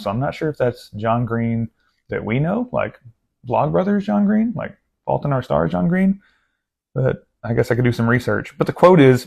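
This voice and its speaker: A man's voice: medium pitch, gravelly, darkish tone. A young man chatting casually about his latest book haul, rambling and self-deprecating, with lots of asides and restarts. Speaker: book vlogger.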